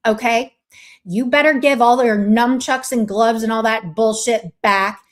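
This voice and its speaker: A woman on a livestream ranting in a scornful, sarcastic way at someone who let her viewers down. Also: fairly high pitch. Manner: scornful, sarcastic, drawn-out delivery. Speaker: streamer. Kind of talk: mocking livestream rant.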